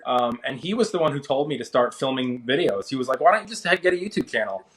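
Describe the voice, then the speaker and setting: Guest: thirties man, casual storyteller, lively when quoting others. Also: fast. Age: 30s. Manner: animated, acts out quoted people with rising pitch. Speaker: interview guest, finance creator.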